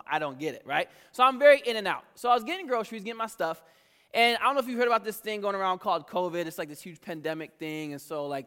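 A man in his thirties giving a casual, joking sermon as pastor, animated and conversational. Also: high-pitched. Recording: reverberant hall.

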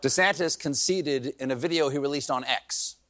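A man's voice: mid-range voice, normal speed, very noisy. A man hosting a late-night show, delivering a comedic news monologue with sarcastic, mocking punchlines.

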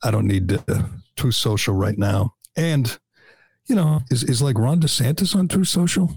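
A man's voice: mid-range voice, lively intonation, normal speed, vocal fry, darkish tone, slightly rough, no echo, studio quality. A male host talking casually and wryly, laughing often. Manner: chatty, wry, laughs often. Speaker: show host. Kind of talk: casual political talk.

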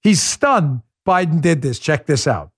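A man hosting a political commentary podcast, talking in a sarcastic, mocking, animated way. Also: on the high side, measured pace, breathy edge, no room sound, clean studio sound. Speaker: host.

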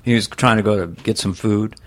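A man's voice: lowish voice, a little fast. A male comedian as an interview guest, chatting casually and swearing. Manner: animated, swearing, slips into impressions.

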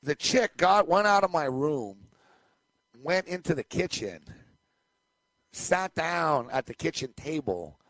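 A man's voice: a little high, expressive, slow pace, pauses often, fairly bright tone, no echo. A man co-hosting a podcast, telling a long anecdote in a loose, rambling way and laughing along. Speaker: podcast co-host. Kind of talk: casual storytelling chat.

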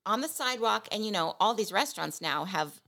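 A woman co-host telling a lively story in casual chat, acting out the voices of people in it with self-mocking humor. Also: medium pitch, a little fast, gravelly. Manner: animated, acts out voices of people in her story.

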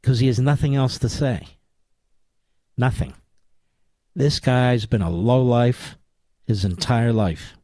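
A man's voice: mid-range voice, slow, pauses often, warm tone, dry recording. An older man from the Philadelphia area hosting a political talk radio show, delivering an indignant, sarcastic monologue.

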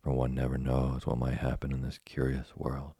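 A gentle, patient old woodcarver, voiced by a man reading a storybook. His voice is very deep and dark, with a husky rasp. The sound is dry and close. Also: completely flat delivery, moderate pace, no echo. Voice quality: gravelly, husky.

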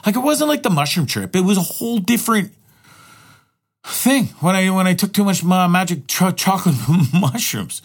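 A middle-aged man talks straight to his viewers in a candid, rambling monologue. His voice sits a little higher than most men's, and he swears freely, stumbling over and repeating words as he goes. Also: very animated, fairly quick. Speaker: vlogger and live streamer.

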